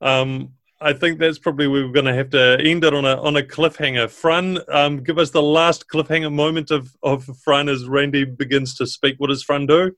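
A man, narrating a tabletop game as dungeon master in a measured, descriptive way. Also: on the high side, steady tone, fairly bright tone, no room sound.

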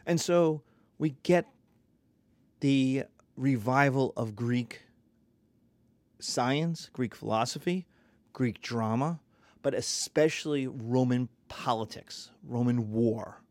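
A man lecturing on history in a lively, conversational way, sometimes acting out little voices. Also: medium pitch, slow, pauses often, dry recording.

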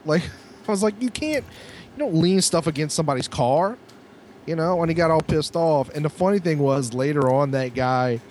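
A man co-hosting a podcast in casual chat, telling a story with lots of filler words and pitch jumping up when he quotes someone. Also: moderate pace, darkish tone, a little hiss or hum. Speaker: podcast co-host.

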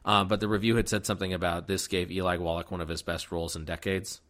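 Low-voiced man rambling through a movie recap. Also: level tone, fast, crowd noise. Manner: rambling, many fillers and restarts, acts out characters' lines. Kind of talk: casual movie recap chat.

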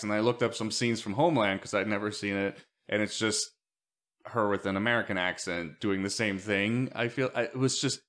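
Low-voiced man, opinionated podcast chatter. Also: steady tone, normal speed, a bit bright. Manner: opinionated, rambling with filler words. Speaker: podcast co-host. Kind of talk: casual movie-discussion chat.

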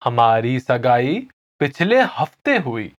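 A co-host reading lesson phrases and repeating them slowly for learners. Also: medium pitch, very animated, muffled recording. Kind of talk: scripted language lesson.

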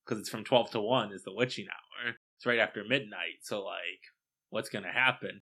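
A man co-hosting a casual film chat, playful, with quick asides and jokey quotes. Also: lowish voice, sharp tone, breathy edge. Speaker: podcast co-host.

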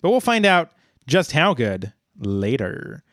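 Rambling man in mid-pitch, podcast co-host. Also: sing-song, slow pace, a bit bright, no room sound, studio quality. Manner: rambling, many restarts and uhs, apologetic. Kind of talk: casual chat recapping episodes.

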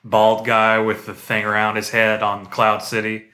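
A man on a casual podcast, talking with eager enthusiasm and frequent "um"s and restarts. His voice sits a little low yet comes across bright and forceful. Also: monotone, a little slow. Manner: enthusiastic, rambling with fillers. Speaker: podcast co-host. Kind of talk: casual chat.

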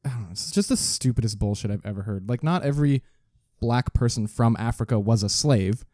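A man's voice: mid-range voice, animated, fairly quick, darkish tone, dry recording, studio quality. A man co-hosting a casual podcast, ranting with plenty of swearing and laughter. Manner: profane, ranting, laughs often. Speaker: podcast co-host.

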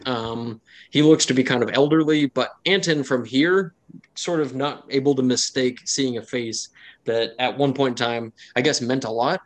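A man runs a tabletop game as its game master, narrating the scene at an ordinary mid pitch. He talks in a chatty way, full of fillers, and laughs often. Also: moderate pace.

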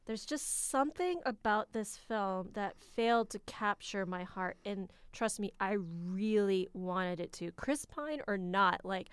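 An American woman co-hosting a casual film review, opinionated and quick to laugh. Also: medium pitch, clear, resonant tone, dry recording, clean studio sound. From United States.

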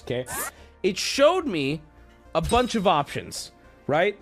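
A man's voice: a little high, sing-song, unhurried, pauses often, a bit bright, soft background music. A man in his thirties telling casual stories on his stream, swearing and laughing at himself.

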